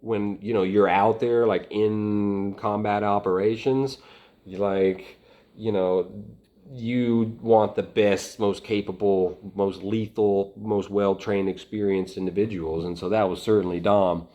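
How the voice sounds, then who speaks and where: A man from Atlanta recounts his time as a volunteer fighter in a casual storytelling voice. His pitch sits a little low. He rambles, often stalling and restarting his sentences as he goes. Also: steady tone, dark tone, highs cut off. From Atlanta, United States. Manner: rambling, halting, many restarts.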